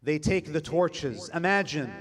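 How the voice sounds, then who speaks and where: A man's voice: on the high side, expressive, unhurried. A man preaching a Muharram majlis sermon, telling the story in a mournful way and reciting Arabic lines. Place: majlis gathering.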